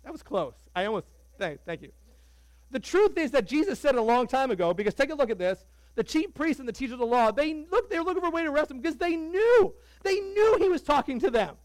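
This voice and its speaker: Man, pastor, sermon, high voice, conversational, joking, dry close sound. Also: fast, no echo, rough recording. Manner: animated, conversational, joking with the congregation.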